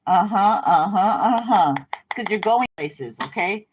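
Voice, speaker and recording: A tarot reader with a mid-range voice gives a casual, chatty card reading at an unhurried pace. Her manner is irreverent, and she laughs often.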